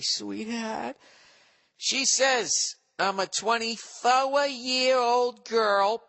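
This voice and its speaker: A Boston-accented man in his forties hosts a podcast, rambling through listener mail in a profane, sarcastic, comedic monologue. His voice is a little high, bright and forceful, with a big-room sound.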